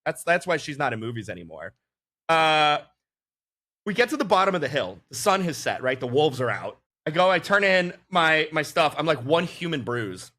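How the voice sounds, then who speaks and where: A man chatting casually on a podcast, telling animated anecdotes and laughing often. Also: a little high, moderate pace. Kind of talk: casual chat, storytelling.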